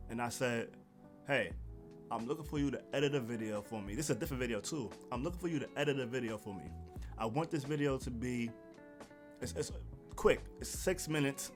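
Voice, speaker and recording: A man vlogging seated to camera, telling a story in a casual, animated way and acting out the people he quotes. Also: medium pitch. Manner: animated, quotes others in raised voice. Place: indoors, seated at home. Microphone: camera mic, seated.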